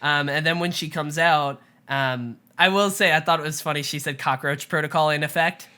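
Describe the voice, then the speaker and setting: A woman co-hosting a casual TV recap chat, retelling scenes with lively quoted asides. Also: low voice, normal speed. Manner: chatty, animated retelling with quoted asides and laughs. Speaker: podcast co-host.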